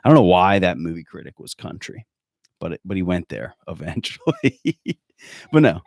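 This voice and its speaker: A man's voice: sits low, big pitch swings, normal speed, creaky, darkish tone. A man hosting a podcast, ranting in a sarcastic, profane, rambling way. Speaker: podcast host. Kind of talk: casual comedic rant.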